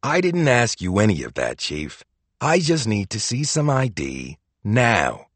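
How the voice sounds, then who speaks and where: Guy doing a gruff boston cop in his fifties, short and bossy, husky voice. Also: on the low side, huge pitch swings, unhurried, dry recording, full character voice. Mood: curt. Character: gruff middle-aged male police officer.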